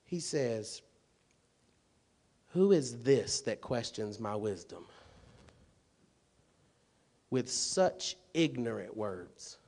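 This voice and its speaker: A man preaching a sermon in a colloquial, emphatic way, dropping to quiet asides and rising to loud, shouted points full of rhetorical questions. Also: medium pitch, animated, extremely slow, pauses often.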